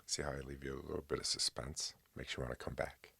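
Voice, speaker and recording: A man's voice: extremely low pitch, little pitch movement, quick pace, gravelly, sharp tone, husky, no room sound. A man hosting a podcast, telling a personal story in a chatty rambling way with hesitant restarts. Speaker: podcast host. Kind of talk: casual rambling monologue.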